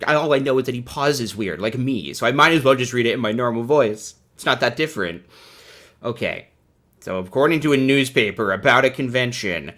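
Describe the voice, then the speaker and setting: A man's voice: mid-range voice, lively intonation, fairly quick, fairly bright tone. A man hosting a casual livestream, rambling and sarcastic, often laughing at his own jokes. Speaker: livestream host.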